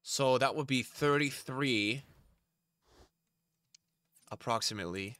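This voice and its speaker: A tired man live-streaming a game, swearing and venting at his chat, from mutters to yells. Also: medium pitch, takes it slowly. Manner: swears and vents at chat, swinging from mumbling to yelling.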